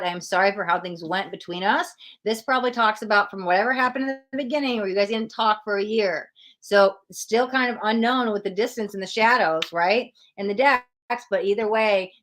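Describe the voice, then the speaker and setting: A woman's voice: mid-range voice, a bit bright. A woman hosting a live-stream tarot reading, talking through the cards in a reflective, coaching way and thinking aloud as she pulls them. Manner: reflective, coaching, spiritual self-help talk. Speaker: tarot reader.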